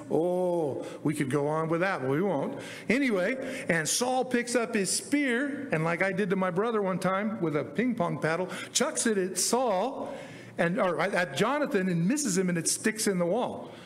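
Casual male pastor, high-pitched, acts out Bible dialogue, reverberant hall. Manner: chatty, acts out biblical dialogue in slang. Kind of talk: casual sermon storytelling.

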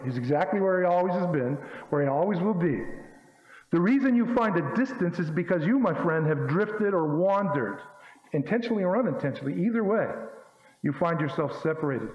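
A man's voice: a little high, darkish tone. A man preaching a sermon in an emphatic, folksy way, full of rhetorical questions. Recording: echoey hall, dull lo-fi sound.

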